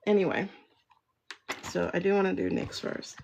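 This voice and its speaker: A woman's voice: lowish voice, level tone, normal speed, creaky, a little mellow, a little hiss or hum. A woman hosting a casual livestream, rambling and emotional, with many restarts and laughs. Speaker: livestream host, tarot reader. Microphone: phone.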